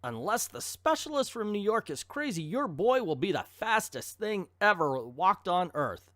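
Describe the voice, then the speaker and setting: Overearnest old-comic doctor, pitched high and breathless, read out by a man. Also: sing-song, normal speed, fairly bright tone, no room sound, clean studio sound. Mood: alarmed. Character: earnest 1940s male doctor.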